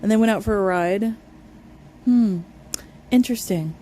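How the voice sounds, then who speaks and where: A woman's voice: mid-range voice, a little slow, warm tone, a little hiss or hum. A woman hosting a reaction channel, cutting in with blunt, scornful, sarcastic remarks. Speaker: commentary channel host.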